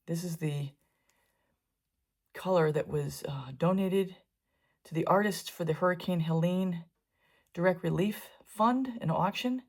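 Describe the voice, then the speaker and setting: Low-voiced woman chatting through a painting tutorial. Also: measured pace, long pauses, darkish tone. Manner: chatty, wandering asides while working. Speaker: fluid art painter teaching. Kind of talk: casual painting tutorial narration.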